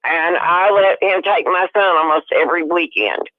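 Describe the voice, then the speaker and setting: A woman caller telling a personal story over the phone, emphatic and growing loud and heated. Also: lowish voice, moderate pace, no room sound. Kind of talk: personal story on a call-in show. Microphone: telephone. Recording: tinny phone line.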